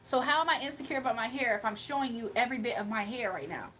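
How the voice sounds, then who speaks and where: A woman's voice: a little high, animated, fast, a bit bright, a little hiss or hum. A young woman hosting a livestream, talking casually and combatively to her chat, mocking and defending herself. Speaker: livestream host.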